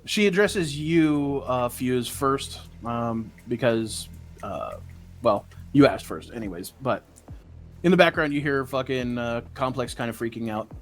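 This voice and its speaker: A game master narrating a tabletop session in a relaxed, filler-heavy way. He is a man with a middling pitch, and soft music plays underneath. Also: unhurried.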